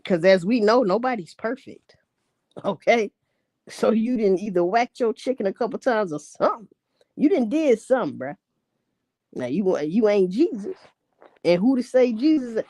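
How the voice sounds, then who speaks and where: A woman's voice: medium pitch, lively intonation, moderate pace, warm tone, dry recording. A woman ranting in a casual commentary, blunt and heavy on profanity. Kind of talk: casual rant.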